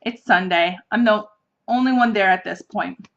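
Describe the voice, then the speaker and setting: A woman in her thirties hosting a podcast, telling stories in a casual, chatty way, animated and laughing often as she talks from an office. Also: mid-range voice, normal speed, gravelly. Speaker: podcast host. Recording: dull lo-fi recording.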